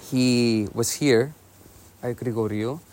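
A young man, a monk, telling a saint's story in a relaxed, casual way with lots of "you know" and "like". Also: medium pitch, slow. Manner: easygoing, many fillers like "you know" and "like".

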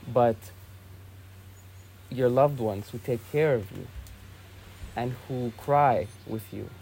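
A man's voice: medium pitch, a little hiss or hum. Young man telling a story casually. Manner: easygoing, many fillers like "you know" and "like".

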